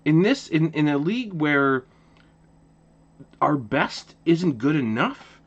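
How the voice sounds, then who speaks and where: Speaking slowly in a husky, rather high voice with lo-fi sound, an Ottawa man who hosts a hockey channel delivers a casual opinion rant to camera. He's passionate and animated, with many repeated restarts.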